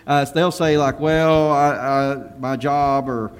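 A man, a pastor, talking casually on a panel and telling stories in an animated way, acting out what people said. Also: mid-range voice, slow pace, clean tone, long reverb tail. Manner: animated storyteller who acts out quotes and laughs.

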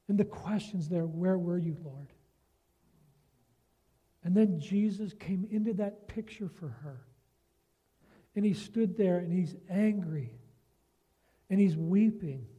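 Guy preaching slow and earnest, kinda high voice, keeps asking the crowd right?. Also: husky, lo-fi sound. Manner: slow, earnest, asks the listeners rhetorical questions. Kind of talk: sermon with a story and scripture reading.

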